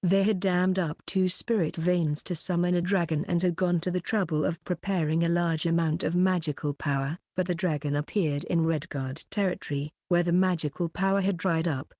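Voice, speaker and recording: Audiobook narrator, female, mellow low voice, steady unhurried read, dry close sound. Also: no echo. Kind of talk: light novel audiobook reading.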